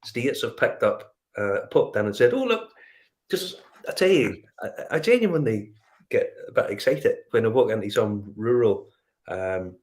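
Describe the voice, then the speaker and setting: A middle-aged man with a Northern Irish accent, telling animated travel stories in casual chat and acting out the dialogue. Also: lowish voice, normal speed. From Northern Ireland. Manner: animated storyteller, acts out dialogue. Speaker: whiskey show guest.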